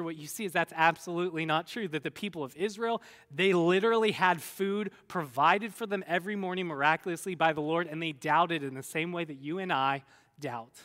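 A man preaching a sermon, retelling Bible stories in a lively, conversational way and briefly acting out the people in them. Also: sits high, in a large hall. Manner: animated storyteller, acts out voices of biblical figures. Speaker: pastor.

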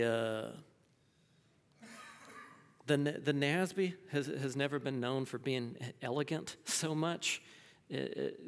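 A man's voice: mid-range voice, in a large hall. A man teaching a class, answering a student's question, thinking aloud with many restarts and fillers.

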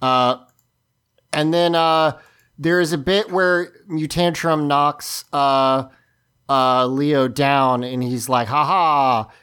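A man co-hosting a casual podcast, recapping a TV episode in an unhurried way with lots of fillers, now and then acting out the characters' lines. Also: on the high side, steady tone, fairly bright tone, clean tone. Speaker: podcast co-host.

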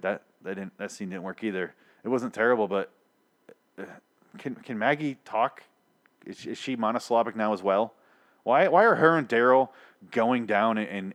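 A young man giving a profane, exasperated, sarcastic recap of a TV episode, stumbling and restarting often. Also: on the low side. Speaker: TV episode reviewer. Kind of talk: ranting casual recap.

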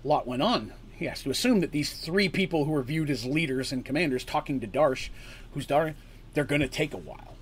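A man's voice: fairly high pitch, expressive, brisk, slight background noise. A man narrating a tabletop story as game master, casual and explanatory, with frequent asides.

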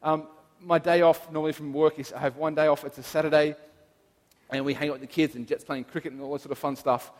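High-voiced pastor preaching in a hall. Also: male voice, flat delivery, fast talker. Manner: earnest, personal, reflective storytelling. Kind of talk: sermon. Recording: long reverb of a large hall.

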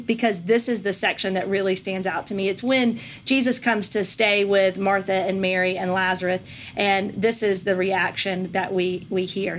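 Woman, podcast host, earnest Christian talk, reads verses slowly. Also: mid-range voice, slight background noise. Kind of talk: faith-based conversation.

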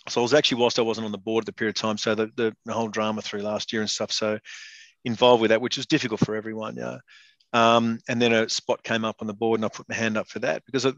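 Middle-aged bloke, fast and blunt, swears a lot, dry and slightly muffled sound. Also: male voice, on the low side, flat delivery, a bit bright, dry recording. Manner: blunt and matey, swears freely, says "mate" constantly. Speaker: guest, former professional rugby player and state rugby board member. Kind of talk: casual interview chat.

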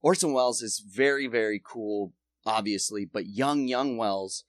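A man's voice: lowish voice, a little slow, dry recording. A man talks in a loose, rambling way, his voice thick from a cold that he mentions. The sound is dry and close, with no room around it. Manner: rambling, casual, swearing. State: has a cold. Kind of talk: casual podcast chat.

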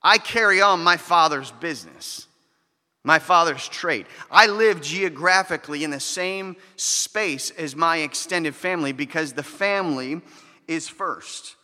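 A male pastor delivers a sermon in a relaxed, conversational way, dropping in playful asides. His voice sits a little high and rings very bright. The sound carries a long hall reverb. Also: unhurried. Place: church hall.

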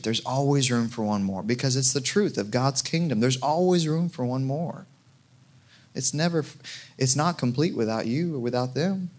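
Male pastor, low gravelly voice, chatty sermon delivery, jokey asides. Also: a bit bright. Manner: conversational, jokey, many restarts.

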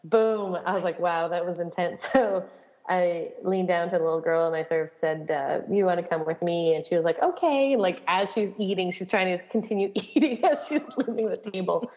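Dull audio with long, echoing reverb captures a camp director co-hosting a podcast. In casual chat she laughs and tells funny camp stories with animation, her fairly low voice moving a little fast.

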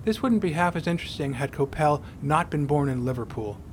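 A man's voice: fairly high pitch, expressive, fairly quick, background noise. A man hosting a podcast, narrating a scripted story in a wry, dryly humorous way. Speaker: podcast host.

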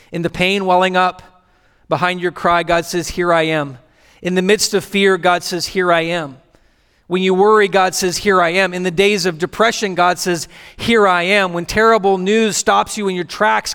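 A man preaching a sermon as pastor in a church, with rhythmic repetition and dramatic pauses. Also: high-pitched, a bit bright, clean tone. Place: church sanctuary. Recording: long church hall reverb with faint music.

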